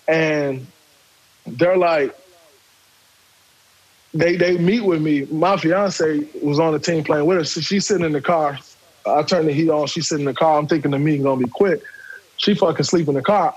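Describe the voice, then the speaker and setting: A man, telling a story in casual talk, animated and profane, acting out quotes. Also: a little high, slightly rough, muffled recording.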